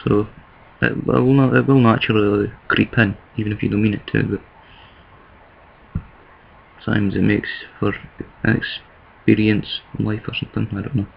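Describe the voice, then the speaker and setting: A man from the east of Scotland, with a Scottish accent, rambles and thinks aloud in a casual talking-to-camera vlog, restarting often. His voice sits on the low side with vocal fry and slight roughness, delivered flatly at a moderate pace with long pauses. The recording sounds muffled.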